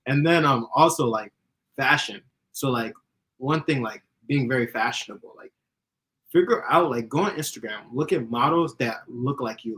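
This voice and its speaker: A young man chatting casually, giving dating advice, who talks fast and giggles and laughs often. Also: medium pitch, pushed and bright, poor audio. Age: young adult. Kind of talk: casual chat.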